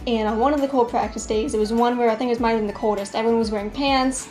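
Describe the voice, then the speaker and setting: A teenage girl with a slightly high voice shares a memory in an earnest, unhurried way. She pauses now and then with small hesitations. Faint music sits in the background. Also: fairly even intonation. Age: teens. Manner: earnest, warm storytelling with hesitations. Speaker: senior band student. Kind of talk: casual anecdote.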